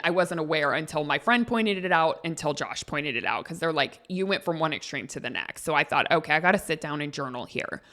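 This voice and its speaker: A woman podcast host telling a personal story in a casual, animated, gushing way. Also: fairly low pitch. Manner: animated, gushing, quick bursts of excitement.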